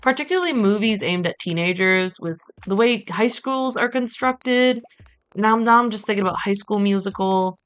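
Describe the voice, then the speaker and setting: Woman streamer from Brazil, casual and digressive, mild swearing, middle pitch. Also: normal speed, a bit bright, smooth. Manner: chatty, rambling, casual swearing. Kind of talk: casual gaming stream commentary.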